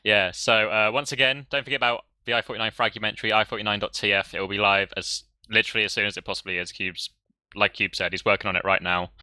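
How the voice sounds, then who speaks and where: A man with a low, very bright and forceful voice, recorded dry and close. He laughs often and rambles through thank-yous on a casual stream wrap-up. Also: fairly even intonation, fast, smooth, dry recording. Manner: giggly, rambling shout-outs. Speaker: tournament caster.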